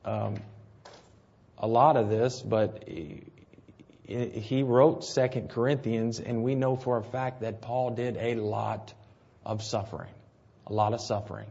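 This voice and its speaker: Male preacher, mid pitch, easy conversational sermon delivery with rhetorical questions, slightly lo-fi recording. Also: steady tone, measured pace, creaky, a little mellow. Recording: slightly dull, lo-fi sound.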